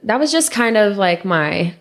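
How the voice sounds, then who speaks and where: A young woman co-hosting a podcast, telling a painful personal story in a halting, emotional way that drops to a hush at hard moments. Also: medium pitch, very animated. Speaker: podcast co-host.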